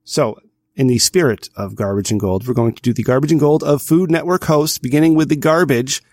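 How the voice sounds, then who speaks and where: A man's voice: mid-range voice, a little fast, a little mellow, dry recording. A man hosting a podcast in casual chat, steering the talk and cracking dry jokes. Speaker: podcast host.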